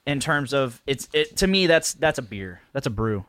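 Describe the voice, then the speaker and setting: A man chatting on a podcast he also edits, a mid-pitched everyday voice. He jokes a lot and laughs at himself. There is faint noise behind him. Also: very animated, moderate pace, a bit bright. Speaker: show editor and co-host. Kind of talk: casual group chat.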